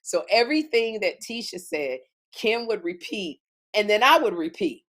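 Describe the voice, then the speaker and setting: A woman's voice: medium pitch, very animated, normal speed, a bit bright. A woman co-hosting a comedy talk show, telling a funny story and acting out scenes in exaggerated voices. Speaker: podcast co-host.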